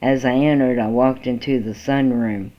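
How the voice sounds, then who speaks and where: A man reading a first-person story aloud in a slow, halting way, with small restarts, on a dull lo-fi recording. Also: medium pitch, fairly even intonation. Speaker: amateur story reader.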